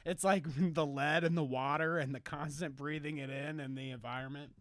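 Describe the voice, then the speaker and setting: A man's voice: on the high side, fairly even intonation, moderate pace, fairly bright tone, no room sound, clean studio sound. A man with a Midwestern American accent co-hosting a podcast in casual chat, rambling, laughing often and swearing freely. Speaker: podcast co-host.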